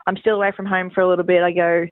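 A young Australian woman, a guest surfer, chatting in a relaxed, friendly way with lots of fillers over the phone. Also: lowish voice, racing, dry recording. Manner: laid-back, friendly, filler-heavy. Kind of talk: radio phone interview. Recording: tinny phone line.

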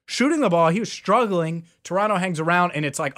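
Brief: male sports radio co-host, slightly high voice, emphatic and argumentative. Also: lively intonation, noisy background. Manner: emphatic, argumentative, quick bursts. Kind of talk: casual sports talk banter.

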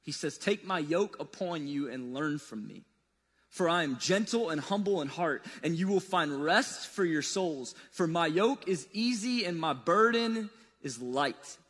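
Casting note: man with a high voice, relaxed conversational sermon style, recorded in a hall with long echo. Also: unhurried. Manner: casual, conversational preaching with wide swings in pitch and loudness. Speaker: preacher. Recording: long reverb of a large hall.

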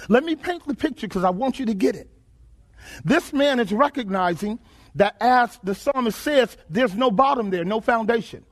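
A male preacher with an unusually high-pitched voice delivers an emphatic sermon at a measured pace. He is expressive, keeps throwing questions back at the congregation in call-and-response style, and drives his points home by repeating phrases in rhythm.

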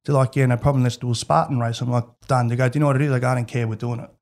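A man's voice: medium pitch, very fast, creaky. Candid Australian man telling stories. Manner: candid, animated, laughs while telling stories. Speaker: interview guest. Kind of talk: casual storytelling.

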